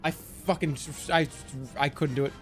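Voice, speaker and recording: Man, a bit high-pitched, casual streamer, flustered and giggly, over clear game music. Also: fairly even intonation, moderate pace, fairly bright tone. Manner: giggly, flustered, apologetic rambling. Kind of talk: casual gaming stream chat.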